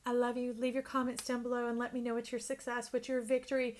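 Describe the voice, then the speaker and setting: Woman doing a tarot reading, kinda high voice, super effusive and emphatic, talks right to you, sometimes goes hushed. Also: monotone, quick pace. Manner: emphatic, effusive, addresses listener directly. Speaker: tarot reader.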